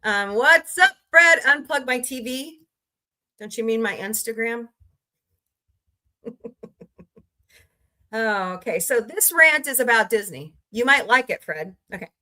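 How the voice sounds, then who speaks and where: A woman's voice: fairly high pitch, lively intonation, a little slow, pauses often, sharp tone. A woman hosting a casual livestream, greeting viewers by name and ranting about entertainment news. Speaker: livestream host. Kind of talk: casual chat with live chat readers.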